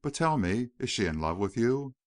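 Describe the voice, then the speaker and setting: A man's voice: mid-range voice, big pitch swings, normal speed, close to an everyday voice. A male narrator voicing a proud, coquettish young city woman in an audiobook. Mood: poised.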